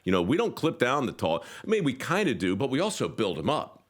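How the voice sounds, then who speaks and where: A man's voice: medium pitch, wildly swooping pitch, a little fast. A man hosting an interview podcast, talking in a wry, joking way with playful emphasis. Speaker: podcast host. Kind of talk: interview conversation.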